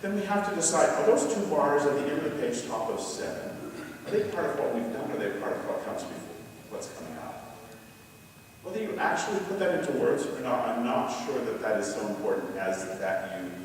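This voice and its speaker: A man's voice: medium pitch, expressive, brisk. A man leading a choral conducting workshop, talking through a score and singing short phrases aloud to demonstrate. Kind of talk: conference lecture on score study. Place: large lecture hall. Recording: echoey hall recorded from far off with faint hiss.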